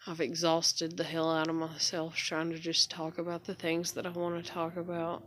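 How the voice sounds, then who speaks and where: A woman's voice: low voice, monotone, normal speed, slight background noise. A young woman vlogging into her phone, venting in a frustrated, swearing, repetitive rant about home life.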